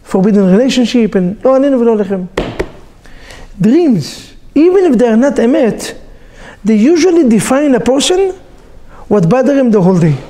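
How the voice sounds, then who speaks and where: A man teaching as a rabbi, telling stories with jokes and sound effects in a lively sermon to a group. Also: very high voice, brisk. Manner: animated storyteller, joking, with sound effects.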